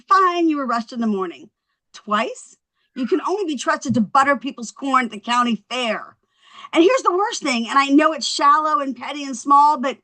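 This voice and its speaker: An actress at a table read playing a tipsy young woman who rambles through stand-up after her husband left, full of quick self-mocking asides. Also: high voice, sharp tone, exaggerated voice. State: a little drunk.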